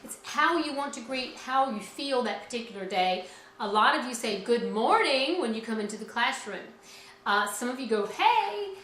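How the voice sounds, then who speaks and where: Upbeat woman teacher leading kids' music class, highish bright voice, roomy echo. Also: expressive, moderate pace, a little hiss or hum. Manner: cheerful, encouraging, speaks to children directly. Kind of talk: children's music lesson.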